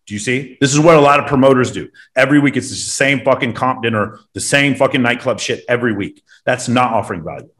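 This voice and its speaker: Man, blunt and emphatic, profane, casual podcast talk, middle pitch. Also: quick pace, few pauses, fairly bright tone. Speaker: host.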